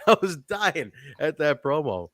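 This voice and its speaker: Podcast co-host, male. Casual wrestling chat, lively swooping delivery, dry close sound. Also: on the high side, measured pace, no room sound. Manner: animated, swears freely, acts out quotes.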